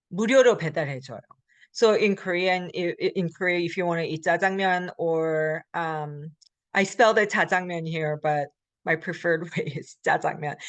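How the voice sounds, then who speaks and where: A woman's voice: medium pitch, fairly bright tone, no echo. A woman teaching Korean grammar in a recorded lecture. She explains in American English, reads Korean example sentences, and often uses fillers and corrects herself. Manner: frequent fillers and self-corrections. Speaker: Korean language instructor.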